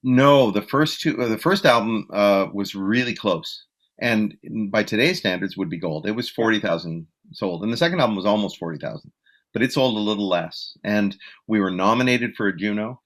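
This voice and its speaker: A man's voice: on the low side, animated, moderate pace, a bit bright. A man being interviewed as a musician, telling stories in a casual, rambling way with many fillers, restarts and self-deprecating asides.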